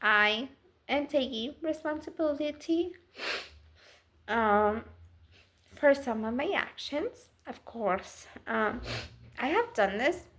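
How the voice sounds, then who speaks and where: A woman's voice: sits high, animated, slow pace, long pauses, fairly bright tone. A woman giving a casual Bible talk in a chatty, rambling, earnest way. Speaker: Bible teacher.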